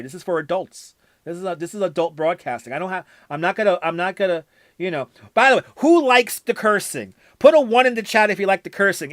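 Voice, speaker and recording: Foul-mouthed livestreamer reading chat, bright voice. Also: male voice, sits high, dry recording. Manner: reads viewer comments aloud, curses freely, laughs often. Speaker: livestream host.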